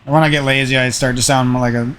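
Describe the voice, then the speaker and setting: A man's voice: mid-range voice, little pitch movement, fast talker, fairly bright tone, slight background noise. A young man chatting in a casual, meandering way, swearing often and drifting into rants, with a slightly nasal voice. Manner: meandering, profane, ranting. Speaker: gaming channel host. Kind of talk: casual rambling chat.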